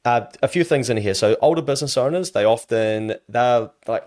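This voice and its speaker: A man's voice: mid-range voice, a little fast, few pauses. A man with a New Zealand accent, talking casually as a guest on a podcast and acting out other people's voices in his stories. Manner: animated storyteller who acts out quoted voices. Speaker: business adviser guest.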